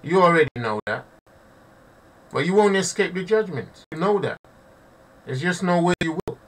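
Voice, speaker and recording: A man's voice: high-pitched, lively intonation, moderate pace, distant mic, noisy background. A man giving impassioned live commentary to his audience, preaching and repeating himself, often calling listeners family. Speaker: online preacher.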